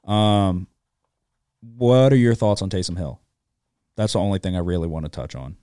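A man's voice: sits low, moderate pace, warm tone, dry recording, studio quality. A man co-hosting a sports betting podcast, ranting with frequent profanity in casual chat.

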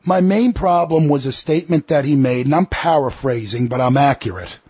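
A man with a husky, slightly rough voice hosts a podcast in a heated, profane rant. His delivery swings between sarcasm and outrage, and the sound is dry and close to the mic with no room around it. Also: fairly high pitch, normal speed, darkish tone, dry recording. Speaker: podcast host. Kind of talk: ranting podcast commentary.

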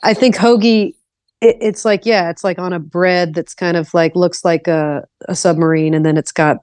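A woman's voice: lowish voice, steady tone, moderate pace, darkish tone, dry recording. A woman musician from the Philadelphia area with a Philly accent, chatting loosely on a podcast with lots of "like" fillers. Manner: rambling, lots of "like" fillers, easy laughs. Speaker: musician guest. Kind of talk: casual podcast chat.

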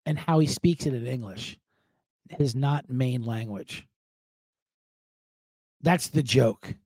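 A man's voice: medium pitch, slow, warm tone, no room sound. A man hosting a podcast from home, talking in a casual solo monologue with profane, jokey, rambling asides. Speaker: podcast host.

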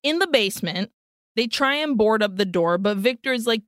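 A woman with a fairly high, slightly bright voice co-hosts a podcast, recapping a film's plot in a casual comedic way and acting out each character. She is animated at a moderate pace and switches between English and another language mid-story, with dry, close sound and no echo.

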